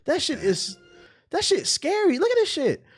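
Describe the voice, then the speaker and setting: A man's voice: very high voice, huge pitch swings, moderate pace, faint music behind. A young man streamer ranting in casual, profane commentary, now and then mocking voices.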